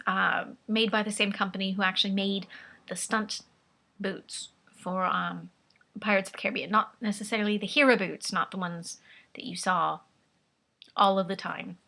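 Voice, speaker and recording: This woman's vlog is a rambling, chatty, casual talk full of self-amused laughter, delivered in a vaguely British put-on accent. Her voice is medium-pitched, gravelly, and sharp.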